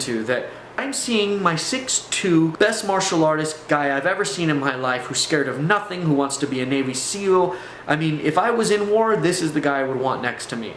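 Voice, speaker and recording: A man's voice: on the high side, a bit bright, slight background noise. Earnest man telling his testimony. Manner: earnest, intense, with restarts and fillers. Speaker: vlogger telling a personal testimony. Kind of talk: earnest personal storytelling. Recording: echoey room.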